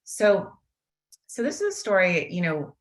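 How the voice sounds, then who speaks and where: A middle-aged woman with a low, grounded voice leads a mindfulness webinar over a video call. She tells a story and then eases into a slow, gentle guided meditation. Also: wildly swooping pitch. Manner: warm storytelling, slows into soft guided meditation. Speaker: mindfulness teacher and guest speaker.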